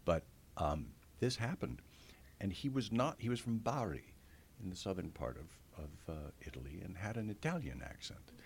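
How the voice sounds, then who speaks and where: A man with a very low voice that swings widely in pitch tells stories as a guest in an interview. He acts out quotes with lively voices and laughs often. A faint low rumble sits under his voice. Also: normal speed, gravelly. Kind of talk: conversational interview.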